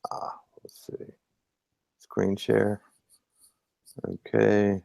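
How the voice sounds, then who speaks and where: Low gravelly guy, easygoing podcast chat, dry close mic. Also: completely flat delivery, drawn-out words, mellow, dry recording. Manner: laid-back, mild cursing, fumbling with screen share. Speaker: podcast co-host. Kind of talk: casual live-stream chat.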